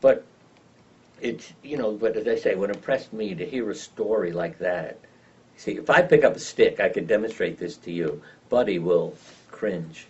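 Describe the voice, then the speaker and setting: An older man telling lively anecdotes as an interview guest, acting out the voices of the people in his stories. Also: on the low side, moderate pace. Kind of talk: storytelling in an interview. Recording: dull lo-fi sound from some distance.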